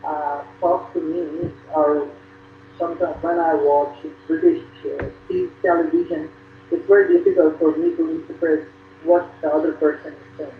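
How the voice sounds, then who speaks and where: Brief: man on the far end of a video call, hesitant, slightly higher voice, faint hiss behind. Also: level tone. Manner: hesitant, with pauses and restarts. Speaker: foreign conversation partner on a video call. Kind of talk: casual video call chat. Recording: thin phone-like call audio in an echoey room.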